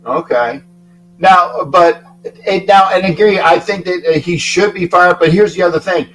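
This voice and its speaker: A male sports-talk host with a fairly high voice, talking loosely and emphatically. He stumbles over his words and repeats himself before he lands a point. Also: normal speed, a bit bright, low-quality recording. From Florida. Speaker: show host. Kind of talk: casual sports talk show.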